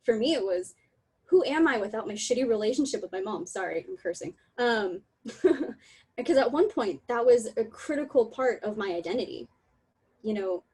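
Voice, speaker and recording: A young woman giving a candid, emotional online talk over a video call, laughing often and apologizing in quick asides. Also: a little high, a little mellow, slightly rough, poor audio. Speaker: talk presenter.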